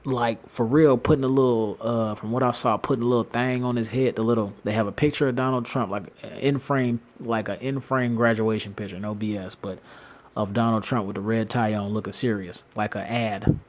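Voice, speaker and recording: A man talking casually and in a rambling way, animated and slangy, laughing often and restarting his sentences. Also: lowish voice, brisk. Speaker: commentator. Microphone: phone screen-recorder app.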